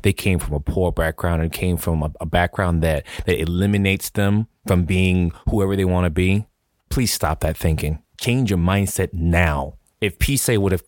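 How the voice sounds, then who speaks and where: Deep-voiced earnest male host. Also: moderate pace, no room sound, clean studio sound. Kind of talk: casual interview chat.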